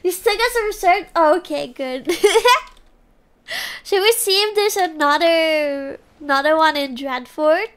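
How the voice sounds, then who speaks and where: A woman's voice: very high-pitched, takes it slowly, a bit bright. A woman streaming a game, chatting casually, laughing often and cheering or groaning at what happens on screen. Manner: giggly, laughs often between lines. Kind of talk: casual live gameplay chat. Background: faint background music.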